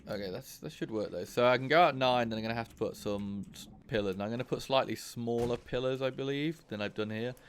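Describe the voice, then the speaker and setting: A man's voice: mid-range voice, fast talker, few pauses, slight background noise. A man hosting his own gaming channel, talking through his play casually, thinking aloud and swearing when frustrated. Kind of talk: casual let's-play commentary.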